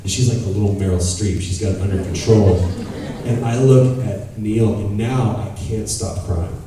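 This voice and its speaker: A man's voice: on the low side, moderate pace, far from the mic, a crowd in the background. A man in his thirties at a convention Q&A, telling candid stories, swearing freely and acting out what people said. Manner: animated, candid storyteller who swears and acts out quotes. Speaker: convention panel guest. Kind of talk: audience Q&A storytelling. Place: large convention hall. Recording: echoey hall taped from the audience.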